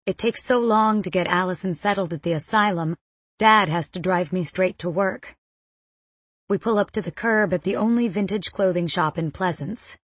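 A woman's voice: fairly low pitch, normal speed, slightly rough, no room sound. A woman narrating a first-person audiobook with tense, dramatic storytelling.

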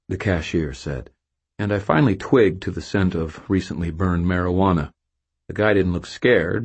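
A man's voice: sits low, moderate pace, darkish tone, breathy edge. A man narrating a first-person novel with a wry, self-mocking storytelling manner. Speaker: audiobook narrator.

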